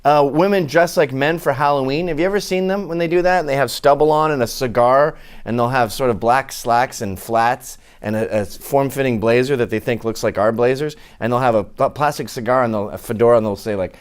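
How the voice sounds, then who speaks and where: A man's voice: medium pitch, brisk, hardly any pauses, smooth. A man delivering a comic opinion rant to camera in a sarcastic, mocking way. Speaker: commentator.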